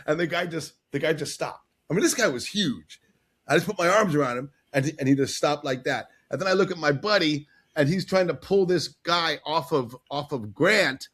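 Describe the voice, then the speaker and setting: Man telling a story with animated quotes. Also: a little high, moderate pace. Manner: animated storytelling, acting out quotes, frequent laughs. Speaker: guest storyteller. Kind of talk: casual podcast chat.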